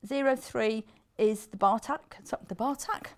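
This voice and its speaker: A woman demonstrating a sewing machine on live TV, explaining its features briskly and practically. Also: a little high. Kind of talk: product demonstration.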